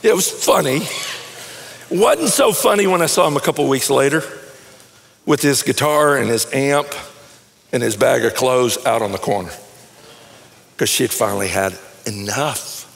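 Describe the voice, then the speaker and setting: A middle-aged man preaching a sermon in a conversational, animated way, telling stories and often repeating words as he starts a phrase. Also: medium pitch, moderate pace, creaky, long pauses, big-room sound, a little hiss or hum. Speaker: pastor. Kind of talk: sermon with storytelling.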